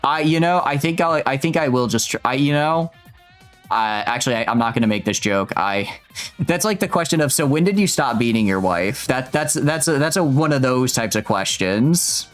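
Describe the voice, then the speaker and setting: Lively, stammering man streaming a game. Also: medium pitch, normal speed. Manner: animated, joking, stammers and restarts often. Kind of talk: live gameplay commentary. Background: faint game music.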